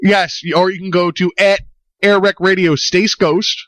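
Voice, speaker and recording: A man's voice: high voice, little pitch movement, measured pace, a bit bright, dry recording. A young man co-hosting a podcast in casual chat, rambling, swearing and joking. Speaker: podcast co-host.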